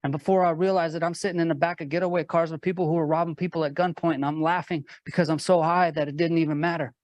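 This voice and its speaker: Earnest man telling his story, high voice. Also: fairly even intonation, quick pace, darkish tone, no echo. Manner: earnest, builds with repeated rhetorical questions. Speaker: motivational speaker. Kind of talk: personal story told to a live audience.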